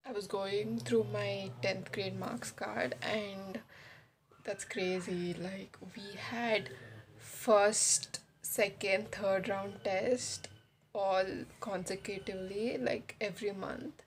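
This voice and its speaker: A woman's voice: medium pitch, steady tone, slow, a little hiss or hum, poor audio. A young woman chatting casually in a vlog, rambling with lots of fillers and poking fun at herself. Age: young adult. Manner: rambling, filler-heavy, self-mocking. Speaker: vlogger. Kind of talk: casual vlog voice-over chat.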